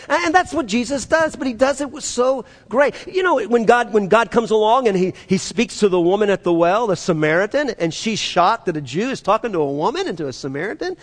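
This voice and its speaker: A man preaching a sermon, animated and acting out the voices he quotes, his voice rising and dropping sharply. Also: sits high, fairly quick, hardly any pauses. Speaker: pastor.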